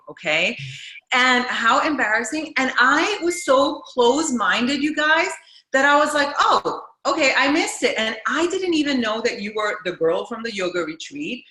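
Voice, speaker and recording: Host, woman, bright and eager, gushes and tears up on a video call. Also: medium pitch, reverberant, poor audio. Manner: gushing and excitable. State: emotional. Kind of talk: casual video call chat.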